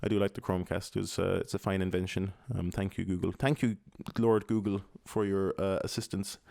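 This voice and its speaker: A man's voice: medium pitch, no echo, clean studio sound. A young Irish man rambling to his podcast at home, mumbling and swearing, with many fillers. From Ireland. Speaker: podcast host. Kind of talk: casual rambling monologue. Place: home apartment.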